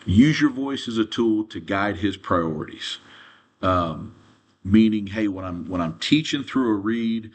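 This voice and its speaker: A man teaching as a quarterback coach in an earnest coaching lesson, often pausing to check in with "okay?". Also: on the low side, expressive.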